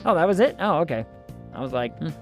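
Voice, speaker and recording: Man, game streamer, playful, jokey, lively pitch, slightly high voice. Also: fast talker, faint music behind. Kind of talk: casual gameplay commentary.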